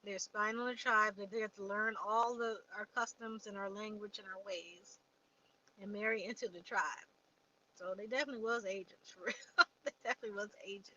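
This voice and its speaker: A woman's voice: medium pitch, steady tone, normal speed, sharp tone, dull audio, slight background noise. A woman hosting a casual livestream, chatting and reading viewer comments aloud before answering them. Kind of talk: casual live chat.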